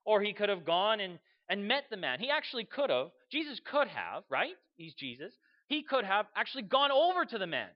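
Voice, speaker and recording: A man preaching a sermon, telling the story with animated energy, acting out voices and sometimes shouting. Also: high voice, brisk, dull audio.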